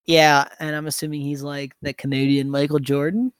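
Man, co-host, slightly higher voice, dry close sound, casual. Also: flat delivery, normal speed, smooth, dry recording. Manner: conversational, hedging fillers. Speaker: podcast co-host. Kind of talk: casual podcast chat.

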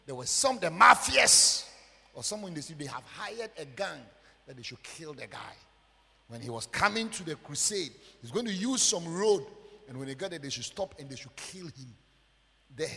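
High, gravelly Ghanaian preacher. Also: male voice. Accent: Ghanaian English. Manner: emphatic preaching, swinging from loud outbursts to near-murmurs. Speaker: pastor. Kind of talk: sermon. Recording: long church hall reverb.

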